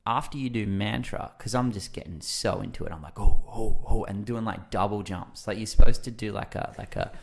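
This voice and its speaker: Lowish and creaky, this man's voice runs a little fast with hardly any pauses. He's a lively podcast guest spinning casual, rambling stories full of fillers and acting out how he reacted.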